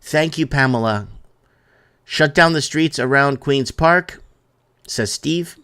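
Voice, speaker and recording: A man's voice: a little high, slow pace, pushed and bright, smooth. A man hosting a live-stream talk show. He rambles, reads out viewer comments and hammers his points home by repeating them. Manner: repetitive and emphatic, drives points home by restating them.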